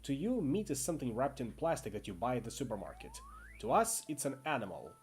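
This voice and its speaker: A man's voice: mid-range voice, wildly swooping pitch, fast, darkish tone, faint music behind. A man voicing a cocky, menacing young male camp bully with a working-class Northern English accent, bragging and taunting.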